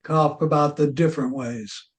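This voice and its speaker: Folksy high-voiced male tech instructor. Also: normal speed, husky. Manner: relaxed and chuckling, folksy storyteller. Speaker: class instructor. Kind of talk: casual class Q&A and joke-telling.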